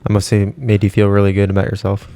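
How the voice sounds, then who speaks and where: Young male co-host, tired, deadpan teasing, low gravelly voice, dry close sound. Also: fast talker, no room sound. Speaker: podcast co-host. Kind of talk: casual chat.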